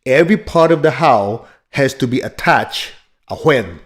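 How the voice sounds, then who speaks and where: A man's voice: mid-range voice, lively intonation, measured pace. A man giving a motivational teaching talk as a spiritual teacher, blunt and emphatic, joking and laughing as he drives points home.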